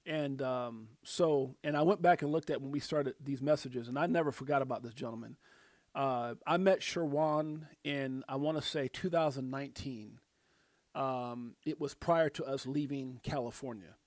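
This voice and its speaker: Male streamer, casual and rambling, dry close sound, average pitch. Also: moderate pace, darkish tone, no room sound. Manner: rambling, many fillers and restarts, reads viewer names aloud. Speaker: crypto livestream host. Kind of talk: casual live-stream chat.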